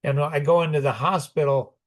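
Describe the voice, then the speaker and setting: A man in his sixties talks through his own stories in a loose, rambling way, circling back and restarting his sentences. He chuckles often as he goes. His voice sits a little higher than most men's. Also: fairly even intonation, fairly quick. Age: 60s. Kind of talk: personal storytelling in conversation.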